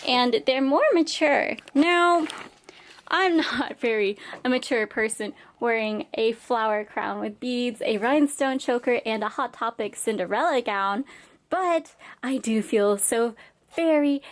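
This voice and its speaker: A young woman filming a casual unboxing vlog in her home workshop, bubbly and quick to squeal and giggle with excitement. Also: a little high. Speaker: vlogger.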